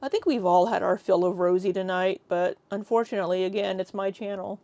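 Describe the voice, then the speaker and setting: A woman's voice: mid-range voice, fairly quick, dark tone, no room sound. A woman streamer chatting casually and reacting to clips with sarcastic comments and frequent laughs.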